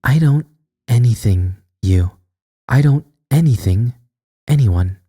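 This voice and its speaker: A man voicing a cold, detached teenage sister in a spoken horror story, cool and measured. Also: medium pitch, husky, voice pushed up. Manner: flat, cool, measured delivery.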